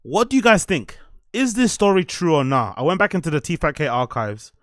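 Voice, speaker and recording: A man talking to his stream chat with a slightly high voice, circling back over the same points. His sound is close and dry, with no room around it. He keeps putting questions to the viewers. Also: very animated, brisk, a bit bright, no echo. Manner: rambling, repeats himself, quizzes the chat. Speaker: streamer reacting to clips. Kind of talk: casual stream commentary.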